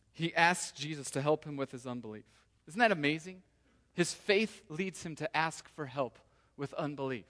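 A man's voice: on the high side, normal speed, fairly bright tone. A man preaching a sermon as a pastor, earnest and preacherly, often speaking a believer's prayers aloud. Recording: long reverb of a large hall.

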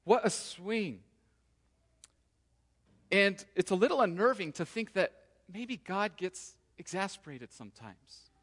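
A man preaching a sermon to his congregation in a relaxed, conversational way, sometimes voicing the people in the story. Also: high voice, moderate pace. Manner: conversational, acts out quoted voices. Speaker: pastor. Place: church sanctuary. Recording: long hall reverb.

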